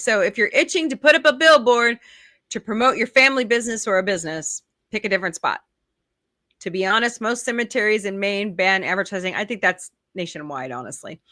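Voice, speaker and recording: A woman host in casual chat, reading odd news items aloud with quick asides and laughs, a little sleepy and yawning. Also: mid-range voice, pushed and bright, dry recording, studio quality.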